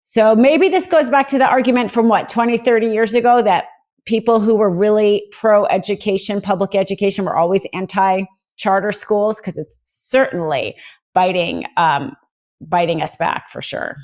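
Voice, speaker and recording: A woman's voice: mid-range voice, normal speed, darkish tone. An American woman co-hosting a legal discussion show, thinking aloud and giving her opinions conversationally. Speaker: legal commentator, co-host. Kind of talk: casual analytical discussion.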